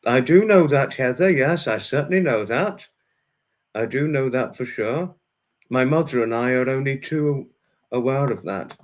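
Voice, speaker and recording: A man with a voice of middle pitch hosts a livestream and chats with his viewers. He is friendly and repetitive, and he fills his talk with ums and restarts. He reads the chat aloud and answers each viewer in turn. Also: expressive, a little slow. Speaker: livestream host reading chat.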